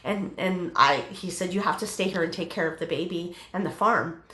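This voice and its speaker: A middle-aged woman telling her personal testimony in an interview, halting, with many fillers and restarts. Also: fairly low pitch, bright, forceful tone, roomy sound.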